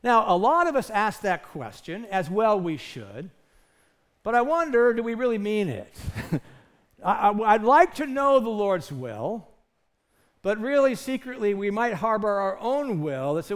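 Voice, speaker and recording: Animated, high-voiced man preaching a sermon. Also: a little slow. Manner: earnest, emphatic, with rhetorical questions. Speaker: pastor.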